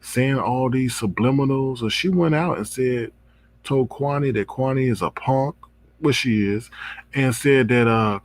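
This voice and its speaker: A man hosting his own online commentary channel, chatting casually and reacting with drawn-out exclamations. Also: medium pitch, no room sound. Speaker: drama commentary channel host.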